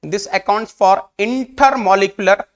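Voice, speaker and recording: At a moderate pace and in a high voice, a male engineering teacher with an Indian English accent gives an online exam-prep lecture. He repeats questions and coaxes his class using English and Hindi together.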